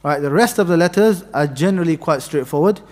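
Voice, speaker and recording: A man's voice: a little high, fast, a little mellow. A man teaching a mosque class, patiently sounding out letters for students to repeat. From Pakistani heritage. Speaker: tajweed teacher. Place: mosque hall. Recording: long hall reverb.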